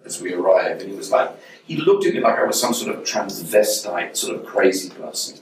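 This time the middle-aged English interview guest has a deep, animated voice and speaks a little fast. His casual chat wanders through wry anecdotes, often restarting mid-thought, captured by a distant mic in an echoey room with faint noise.

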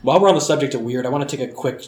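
A woman's voice: rumbling low, rapid-fire, crowd noise. A woman interviewer asking questions in a casual, enthusiastic and slightly self-deprecating way. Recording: echoey room with background noise.

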